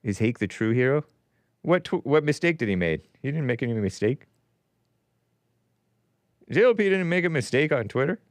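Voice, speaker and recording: A man's voice: mid-range voice, sing-song, normal speed, pauses often, no echo. A man hosting a call-in talk show, rambling and combative, laughing at his own jokes.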